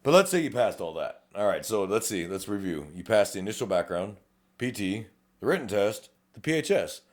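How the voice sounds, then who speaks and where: Fast-talking blunt Texas lawman. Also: lowish voice, big pitch swings. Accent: South Texas. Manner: blunt, profane, rapid-fire, acts out quoted exchanges. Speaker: podcast co-host, police officer. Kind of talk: casual chat.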